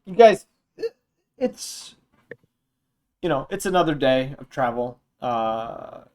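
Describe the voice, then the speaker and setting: Relaxed young man narrating as game master. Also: mid-range voice, slow pace. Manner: relaxed, meandering narration with fillers. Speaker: dungeon master.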